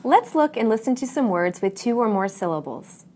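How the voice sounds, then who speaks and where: Lively clear-voiced woman teacher. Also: fairly high pitch. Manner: clear, deliberate teaching delivery with modeled stress patterns. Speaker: English pronunciation teacher. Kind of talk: scripted lesson narration.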